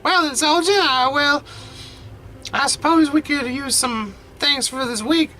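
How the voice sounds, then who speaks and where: A man voicing a kindly elderly grandmother in a high falsetto, soft and hesitant in his delivery. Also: measured pace, faint music behind, exaggerated voice. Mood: gentle.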